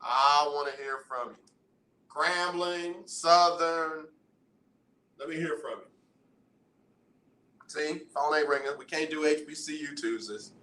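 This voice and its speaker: A man hosts a call-in radio show from the studio, bantering and teasing his listeners. His voice sits a little high and sounds bright and forceful. The studio adds a roomy echo. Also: slow pace, long pauses. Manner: animated, banters with listeners and callers. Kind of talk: casual radio talk.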